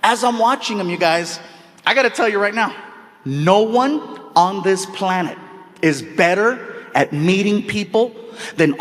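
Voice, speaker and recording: A man doing stand-up storytelling in an animated, excitable way, laughing along with his own story. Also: high-pitched, long reverb tail. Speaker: stand-up comedian.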